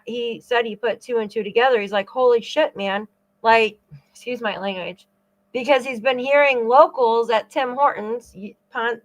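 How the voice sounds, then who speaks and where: Chatty woman host, higher voice. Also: rough recording. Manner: rambling, chatty, frequent asides to viewers. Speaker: true-crime channel host. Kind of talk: casual commentary over clips.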